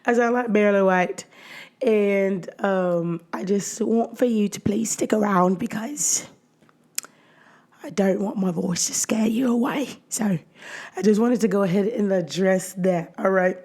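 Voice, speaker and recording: Hosting her own podcast solo, a woman chats casually in a hoarse, nearly gone voice, laughing often between phrases. Her mid-range voice is warm, and she speaks at an unhurried pace.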